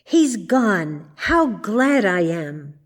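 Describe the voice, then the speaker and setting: A woman's voice: mid-range voice, big pitch swings, extremely slow, full character voice. A woman voicing an anxious little girl who cries out and pleads in distress. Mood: upset, pleading.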